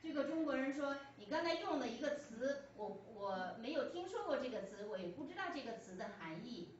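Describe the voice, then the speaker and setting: A woman's voice: sits high, sing-song, brisk. A woman interpreting a sermon phrase by phrase, with hesitant fillers and restarts as she goes. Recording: echoey church hall, distant mic, dull lo-fi, faint hum.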